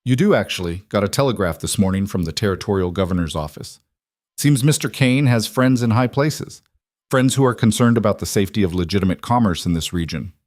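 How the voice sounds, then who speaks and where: A man voicing a smooth federal marshal from the East with an Eastern accent, speaking in a neutral, professional tone. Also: fairly low pitch, expressive, brisk, darkish tone, no room sound, studio quality, close to an everyday voice. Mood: cool. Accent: Eastern American.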